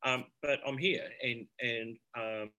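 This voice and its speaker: A man's voice: medium pitch, fairly even intonation, slow pace, pushed and bright. A man, a former paramedic, talking reflectively as a guest in a casual podcast conversation. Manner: reflective, searching for words.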